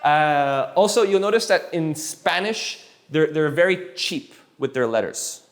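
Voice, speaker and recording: A man teaching a live class of students, relaxed and encouraging, who often repeats himself and restarts his sentences. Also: on the high side, measured pace, soft background music. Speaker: Spanish teacher.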